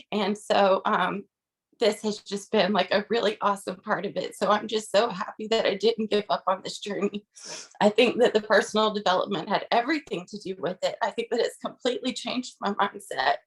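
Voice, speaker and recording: A woman's voice: mid-range voice, fairly even intonation, moderate pace, husky. A woman on a video call sharing a personal testimony, earnest and emotional, with many "um"s and "like"s. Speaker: team member sharing a testimony.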